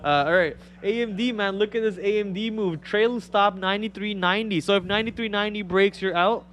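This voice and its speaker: A man from India, a Telugu speaker, hosting a live stock trading stream with excitable, joking chat. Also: sits high, brisk.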